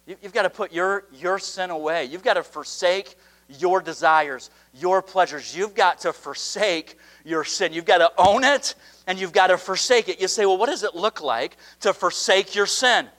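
A man delivers a revival sermon in a church with a high, ringing voice. He preaches with fervor, swelling to impassioned peaks and stretching out the phrases he wants to land. His tone is bright and forceful throughout. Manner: impassioned, rising to fervent climaxes with slowed emphatic phrases. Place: church at an evening revival meeting.

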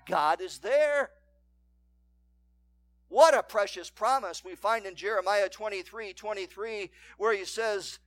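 A pastor delivers a sermon in a high, bright-edged male voice, recorded dry and close with no room echo. He reads old-fashioned scripture aloud and swings from loud emphatic declarations to quiet, hushed asides. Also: a little slow. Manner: reads scripture in King James wording.

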